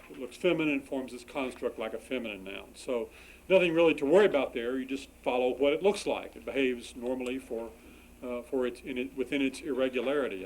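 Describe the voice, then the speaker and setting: A man's voice: fairly high pitch, a little mellow, poor audio. Patient man lecturing on grammar. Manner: patient, explanatory, many "uh" fillers and restarts. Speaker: biblical Hebrew instructor. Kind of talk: classroom lecture. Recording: faint background noise.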